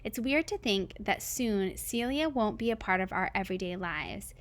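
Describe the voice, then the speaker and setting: A woman reading a novel aloud in first person, in a steady, plain way with the odd small slip. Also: mid-range voice, moderate pace. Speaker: reader.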